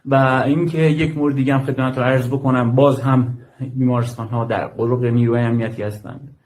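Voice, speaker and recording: A man from Iran working in medical aid, speaking in a measured way and deliberately repeating key points in a played clip. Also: medium pitch, steady tone, darkish tone, poor audio. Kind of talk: recorded statement in a played clip.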